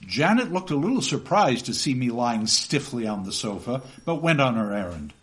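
Animated male lecturer reading aloud. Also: mid-range voice, normal speed. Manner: animated, chatty asides ending in "okay?".

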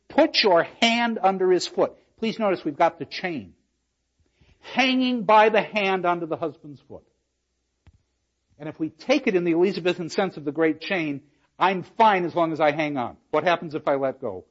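A man with a slightly raised, husky voice teaches a literature class. He reads lines aloud with drama and turns to the class with playful, emphatic asides. The recording sounds dull and lo-fi. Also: a little high, lively intonation, a little slow, pauses often. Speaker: literature lecturer. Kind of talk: lecture with dramatic readings.

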